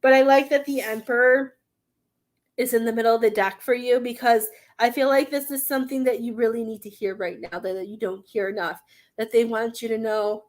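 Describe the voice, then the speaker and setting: A woman's voice: fairly high pitch, steady tone, brisk. A young adult woman giving a live tarot reading, earnest and rambling, often close to tears, with many fillers. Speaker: tarot card reader.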